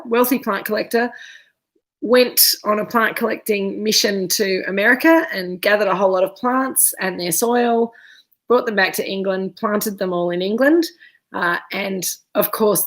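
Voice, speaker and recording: A woman's voice: medium pitch, fairly bright tone. A woman hosting a live virtual wine tasting over a video call, talking in a chatty, digressive way and often losing her thread. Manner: chatty, digressive, easily sidetracked. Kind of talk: casual live-streamed presentation.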